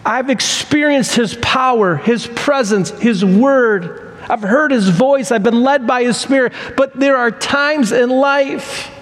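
Man, pastor, storytelling sermon, high voice, unhurried delivery, reverberant hall. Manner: storytelling, conversational.

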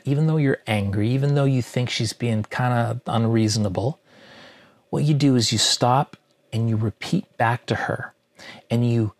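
A man's voice: mid-range voice, no echo, low-quality recording. Man preaching with rhetorical questions. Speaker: pastor. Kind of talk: sermon.

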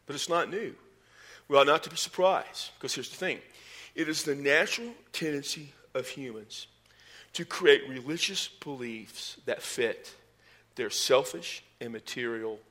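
Bright-voiced preaching man. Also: a little slow. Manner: animated preaching, rising in pitch and volume when stressing points; folksy asides and sports metaphors. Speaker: pastor. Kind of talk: sermon.

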